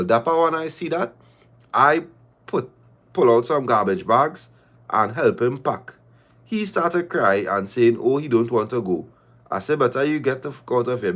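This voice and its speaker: A man hosting a livestream, reading viewer confessions aloud and reacting with drawn-out exclamations and slang. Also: mid-range voice. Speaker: livestream host.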